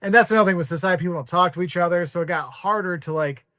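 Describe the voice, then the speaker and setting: A man, a podcast guest, telling casual travel anecdotes in an animated way, acting out the voices of the people in them and using "like" a lot. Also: high voice, very fast. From United States. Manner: animated, acts out quoted voices, heavy use of "like".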